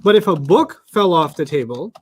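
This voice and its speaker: A man teaching an Arabic class in a relaxed way, telling lively stories and acting out the people in them, then quizzing his students. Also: on the high side, normal speed, slight background noise. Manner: animated storyteller who acts out quoted people; asks students questions and checks their answers. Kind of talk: casual storytelling and live teaching.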